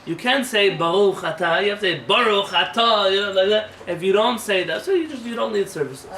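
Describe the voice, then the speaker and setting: A male rabbi with a high, bright voice leads an informal Torah class in a conversational, emphatic manner, pressing his points with rhetorical questions. He is picked up from a distance, so the voice sits in a roomy, echoing space with faint noise behind it. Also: lively intonation, fast.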